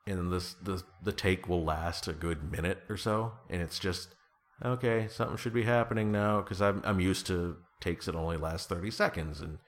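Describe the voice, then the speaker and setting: Being interviewed in casual conversation, a middle-aged man with a very low-pitched voice wanders through his thoughts. He mocks himself, restarts often, and trails off into fillers.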